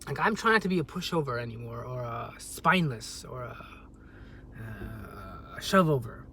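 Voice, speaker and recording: A young man telling a story on a vlog as a rambling, agitated rant, with sudden loud jumps in pitch. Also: sing-song, moderate pace. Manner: rambling, with many restarts. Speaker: vlogger.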